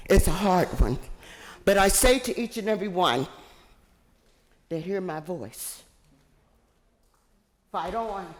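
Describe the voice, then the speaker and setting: A woman's voice: fairly low pitch, lively intonation, slow, pauses often. Fiery older woman, echoey chamber. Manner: fiery, preacher-like, chanting slogans. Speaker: community activist giving public comment. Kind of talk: impassioned public testimony. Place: city council chamber. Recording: echoey council hall.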